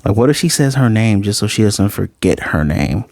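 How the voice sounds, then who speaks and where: A man's voice: lowish voice, expressive, normal speed, a little mellow, dry recording. A man giving a chatty, amused review of an episode and retelling its scenes. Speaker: anime reviewer.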